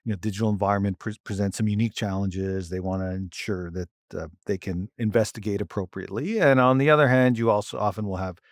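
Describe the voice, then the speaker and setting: Law professor guest, male, lowish pitch, dry sound; explains carefully, leans hard on key words. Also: steady tone, no echo. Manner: measured, explanatory, with emphatic stresses. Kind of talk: podcast interview.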